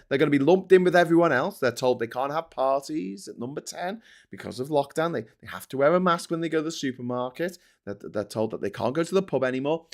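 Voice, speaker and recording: A man hosting casual political commentary in a sarcastic, profane ranting manner. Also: mid-range voice. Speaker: host.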